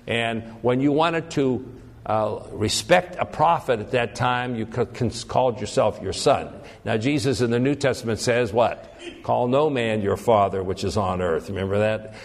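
A man preaching a sermon in an animated way. He swings between loud, high emphasis and low, quiet tones, and he often repeats and restarts words as he thinks aloud. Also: moderate pace. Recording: long hall reverb.

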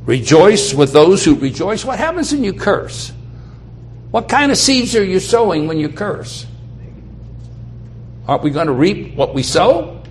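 Slow, emphatic male preacher. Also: high voice, expressive, a little hiss or hum. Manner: emphatic, repeats key phrases. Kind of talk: sermon.

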